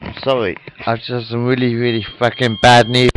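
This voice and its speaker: A man's voice: mid-range voice, level tone, a bit bright, clean tone, dry recording, poor audio. A man in his forties talking to his webcam at home, upset and shocked, rambling and repeating himself while asking the viewer questions. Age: 40s. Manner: slow, repetitive, asks the viewer questions. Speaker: webcam vlogger. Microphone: webcam microphone.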